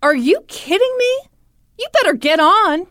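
A man's voice: very high voice, big pitch swings, unhurried, pushed and bright, dry recording, studio quality, pitched above the performer's own voice, exaggerated voice. A woman quoting an exasperated father defending his son, in indignant, incredulous retorts.

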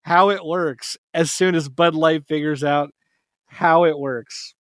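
A man's voice: on the high side, fairly even intonation, a bit bright, no room sound, clean studio sound. A man hosting a casual sports podcast, jokey and upbeat. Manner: jokey, upbeat, quick laughs. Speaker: podcast host.

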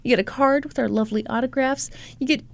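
Giggly high-voiced woman podcast host. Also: fast, gravelly, dry recording. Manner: giggly, playful and sarcastic. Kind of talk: casual chat.

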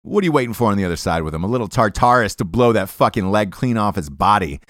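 A man's voice: lowish voice, animated, fast, fairly bright tone, dry recording, clean studio sound. A man hosting a podcast, reading ads and telling stories in a profane, rambling casual chat. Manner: profane, rambling, restarts often. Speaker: podcast host.

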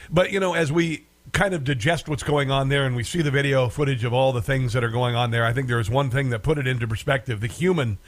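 A man hosting a talk radio podcast, delivering a sarcastic, rambling monologue with chuckling asides. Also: medium pitch. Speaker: podcast host.

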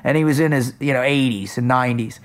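A man who runs a kids program, eagerly telling a story in casual conversation. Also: mid-range voice. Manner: eager, quick storytelling with frequent restarts.

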